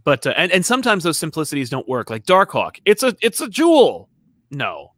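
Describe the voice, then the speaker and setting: A man's voice: a little high, wildly swooping pitch, a little fast, a bit bright, dry recording, studio quality. A man co-hosting a podcast, chatting casually and rambling, and reading out listener comments. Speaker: podcast co-host. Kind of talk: casual chat.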